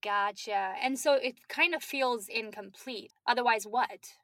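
A woman's voice: fairly high pitch, unhurried, pushed and bright, no room sound. A woman hosting a language-learning podcast, asking questions and patiently explaining word meanings. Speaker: podcast host teaching Urdu. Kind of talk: conversational language lesson.

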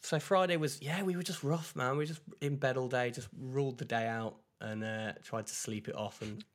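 A man's voice: mid-range voice, fairly even intonation, brisk. A man, chatting casually as a podcast co-host, rambling with fillers and laughing at his own stories while getting over a flu. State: recovering from flu. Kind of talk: casual chat.

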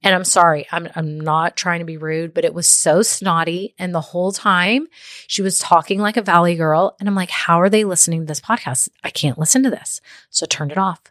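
A woman's voice: on the low side, steady tone, a little fast, a bit bright, dry recording, clean studio sound. A woman hosting a motivational business podcast in a chatty, encouraging way, often checking in with her listeners. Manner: chatty and encouraging, with frequent "okay?" and "right?" check-ins. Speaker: podcast host.

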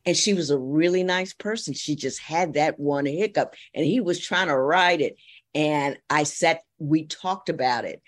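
A woman from Ohio, a guest on a talk podcast, telling a story with emphatic, drawn-out phrasing. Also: deep voice. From Columbus, Ohio. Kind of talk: storytelling in casual interview.

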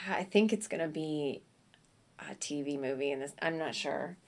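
A middle-aged actress chatting as a guest in an interview, telling lively stories with acted-out quotes and frequent laughs. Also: female voice, low-pitched, normal speed. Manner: animated storyteller, acts out quotes, laughs often. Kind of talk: casual interview chat.

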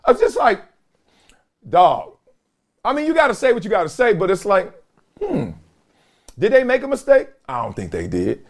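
Animated middle-aged man riffing on sports. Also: extremely high pitch, fairly quick. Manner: animated, slangy, laughs often, talks to viewers. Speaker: sports commentary host. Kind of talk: casual solo sports commentary.

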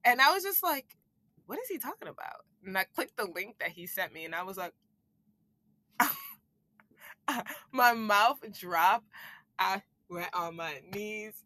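A young woman telling a personal story as a podcast guest, animated and often laughing. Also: mid-range voice, slow, pauses often, no echo. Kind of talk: casual storytelling.

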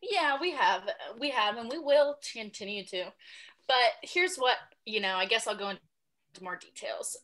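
A woman appearing as a guest on a podcast, chatting casually in an animated, playfully dramatic way. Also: fairly high pitch, normal speed.

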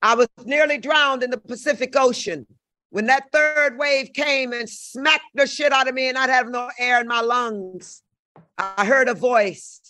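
An older woman with a bright, forceful voice spins wild stories in blunt, profane bursts. She gets loud and animated as she talks, and her voice is recorded close and dry with no room sound. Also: high voice, unhurried, no room sound. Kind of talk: casual storytelling chat.

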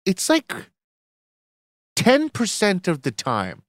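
A man with a nasal voice co-hosting a casual podcast, tossing out deadpan, contrary jokes. His pitch swings up and down a lot, and the close mic keeps him dry. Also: takes it slowly, no room sound. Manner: deadpan joking, playful contrarian. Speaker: podcast co-host. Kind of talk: casual chat.

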